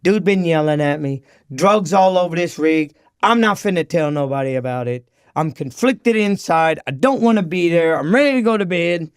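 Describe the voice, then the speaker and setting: A man, a podcast guest, telling his recovery story in an animated, slangy way and acting out the dialogue. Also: on the high side, normal speed, hardly any pauses, clear, resonant tone, no room sound, studio quality.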